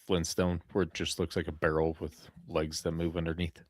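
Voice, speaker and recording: Podcast host, male, very low voice, dry close mic, crude laid-back humor. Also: flat delivery, normal speed, no echo. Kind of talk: casual banter among friends.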